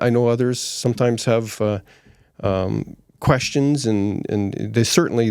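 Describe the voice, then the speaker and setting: Podcast host, man, smooth clear voice, friendly and meandering, dry close room. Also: medium pitch, a little mellow, dry recording. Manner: friendly, asks long questions full of fillers and restarts. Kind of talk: casual podcast interview.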